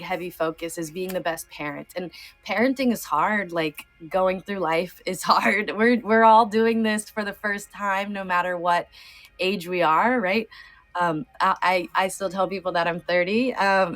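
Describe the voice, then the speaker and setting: A woman's voice: medium pitch, fairly bright tone. A woman in her thirties, a podcast guest talking in a heartfelt, casual way, sometimes near tears, with many fillers. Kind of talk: emotional casual conversation.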